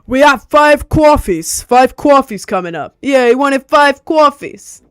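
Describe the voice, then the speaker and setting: A woman putting on a loud, pushy stereotype voice with an exaggerated New York accent. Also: sits high, expressive, unhurried, dry recording, studio quality, pitched above the performer's own voice. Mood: brash.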